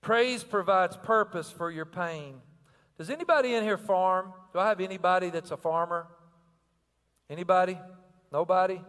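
A man's voice: high-pitched, moderate pace, fairly bright tone, long reverb tail. An older man preaching a sermon with energy and rhythm, asking the crowd questions and repeating phrases. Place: church sanctuary.

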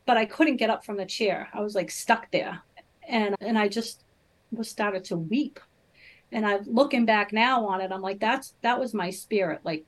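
Appearing as a guest in a casual podcast interview, this middle-aged Boston-area woman shares her personal faith testimony earnestly and with plenty of fillers. Her voice is medium in pitch, and the audio quality is poor.

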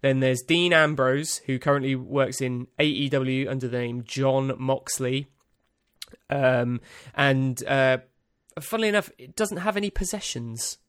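Slow, rambling man, dry studio sound. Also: medium pitch, fairly bright tone, no echo. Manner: rambling, dry, self-amused, lots of ums and uhs. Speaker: podcast host. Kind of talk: casual solo podcast monologue.

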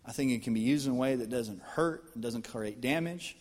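American pastor preaching in an echoing hall. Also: male voice, medium pitch, moderate pace. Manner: animated, conversational preaching with jokes. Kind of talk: sermon. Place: church auditorium. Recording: long reverb from a church hall.

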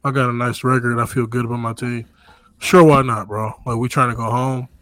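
A man's voice: mid-range voice, fairly quick, no room sound. A man with an everyday mid-range voice argues football calls in loose slang. He talks with energy and keeps his co-host close in the conversation. The recording is dry and close-miked. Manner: animated, says bro often. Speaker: podcast co-host. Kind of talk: casual sports chat.

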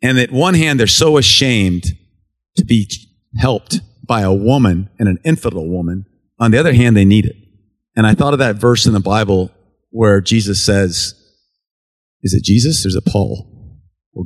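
A man's voice: lowish voice, moderate pace. A man from the United States, a relief worker giving a mission report to a church, telling stories in an earnest, conversational testimony style and acting out what people said. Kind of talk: storytelling testimony talk.

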